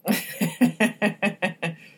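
A young woman giving casual, offhand reaction commentary on a TV episode, laughing often between short remarks. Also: extremely slow.

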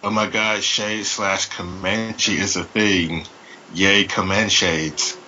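A man's voice: deep voice, steady tone, slow, bright, forceful tone, muffled recording, a little hiss or hum. A man co-hosting a casual podcast, reading listener feedback aloud with amused asides.

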